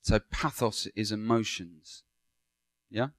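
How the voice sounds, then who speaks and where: A man's voice: on the low side, slow. Man lecturing a class. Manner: engaging, asks the class questions and praises answers. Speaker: Bible school lecturer. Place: lecture room with students.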